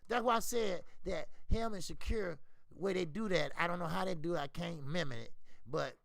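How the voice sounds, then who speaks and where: A man's voice: high-pitched, moderate pace, gravelly, no echo. A man hosting a casual, profane boxing talk stream, answering viewers by name. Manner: profane, animated, talks back to viewers by name. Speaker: boxing channel host.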